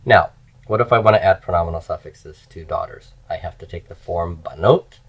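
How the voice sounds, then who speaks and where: A man teaching grammar in a slow, explanatory lecture, repeating key forms as he goes. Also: low voice. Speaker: Hebrew teacher. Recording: dull lo-fi lecture recording.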